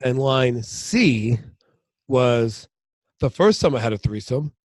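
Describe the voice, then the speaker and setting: A man's voice: mid-range voice, lively intonation, slow pace, no echo. A middle-aged man co-hosting a podcast, rambling through family stories and acting out what people said. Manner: rambling storyteller, acts out family quotes. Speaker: podcast co-host. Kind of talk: casual chat.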